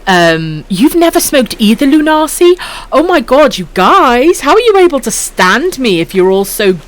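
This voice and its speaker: A woman's voice: high-pitched, very animated, normal speed. A Welsh woman in her thirties chatting casually on a late-night stream, swearing freely and calling viewers pet names. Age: 30s. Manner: foul-mouthed, affectionate, reads chat aloud, giggly.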